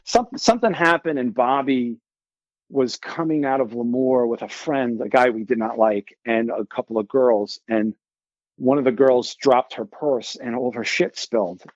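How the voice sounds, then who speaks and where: Brief: forties male guest, rambling animated storyteller, slightly muffled dry recording. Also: mid-range voice, moderate pace, no room sound. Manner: animated, rambling, with many filler likes and restarts. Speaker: guest musician. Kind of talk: casual storytelling.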